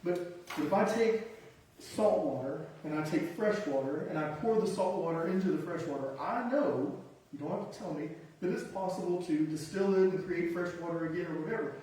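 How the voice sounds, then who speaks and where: A man's voice: on the high side, moderate pace, a little mellow, slight background noise. A man preaching a sermon, emphatic and conversational, with self-deprecating asides and punchy one-word lists. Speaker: pastor. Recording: echoey hall from far off.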